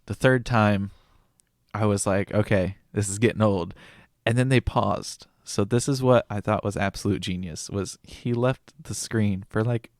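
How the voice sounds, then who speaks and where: A young man co-hosts a casual podcast in a lowish voice, talking in measured, explanatory stretches. He is recorded dry on a close mic. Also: darkish tone, no echo. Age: young adult. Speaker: podcast co-host.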